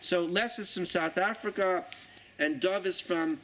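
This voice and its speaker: A man's voice: sits high, measured pace, fairly bright tone, a little hiss or hum, rough recording. A man in his sixties with a New York accent, a journalist rambling chattily through a casual tour of his exhibition, full of jokey asides. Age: 60s. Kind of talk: casual guided tour talk.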